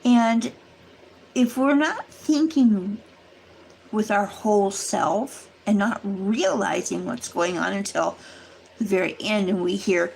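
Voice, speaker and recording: A woman's voice: medium pitch, vocal fry, darkish tone, slight background noise, low-quality recording. A woman hosting a livestream, chatting casually and earnestly to her viewers, rambling as she warns them. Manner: addresses viewers directly. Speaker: livestream host. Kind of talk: casual chat to a live audience.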